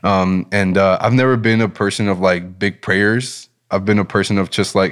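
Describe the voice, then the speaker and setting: A man guest telling a personal story in a casual interview, animated and enthusiastic, with a relaxed manner. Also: sits low, normal speed. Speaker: business owner and guest.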